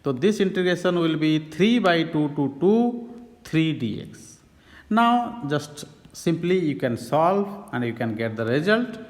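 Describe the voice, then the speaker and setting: A man's voice: fairly high pitch, big pitch swings, takes it slowly, long reverb tail. A man teaching a math lesson, working through each step in a methodical, repetitive way.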